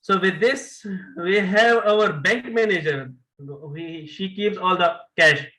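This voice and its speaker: A man runs part of an online club meeting, briskly praising reports and passing to the next speaker. His voice is high and bright. He comes through a video call. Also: low-quality recording. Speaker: general evaluator.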